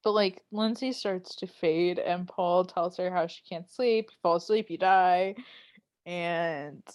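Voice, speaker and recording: A woman's voice: lowish voice, unhurried, darkish tone, dry recording. A young woman co-hosting a podcast, chatting casually and acting out quotes with lots of fillers. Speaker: podcast co-host. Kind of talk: casual chat recapping a TV episode.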